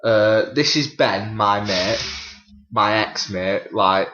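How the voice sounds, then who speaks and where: A man's voice: on the low side, slow, pushed and bright, slight background noise. Guy cohost, butts in, says sorry a lot, sounds far off and muffled. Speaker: podcast co-host. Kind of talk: casual chat. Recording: distant, dull, roomy home recording.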